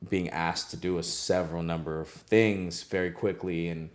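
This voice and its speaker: Very deep-voiced young man telling stories. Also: normal speed. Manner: relaxed, heavy use of "like" and "you know", laughs often. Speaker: recording engineer. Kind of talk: casual interview storytelling.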